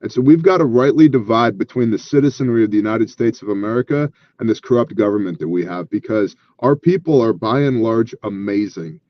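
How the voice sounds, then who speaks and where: A man's voice: fairly low pitch, lo-fi sound. A man who leads a relief ministry, telling stories earnestly and with animation as an interview guest, acting out the dialogue.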